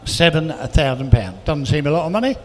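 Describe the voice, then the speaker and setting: Auctioneer calling bids rapidly. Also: male voice, on the high side, expressive. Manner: rapid bid calling with chatty asides. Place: auction hall, indoors. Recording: reverberant hall with faint noise.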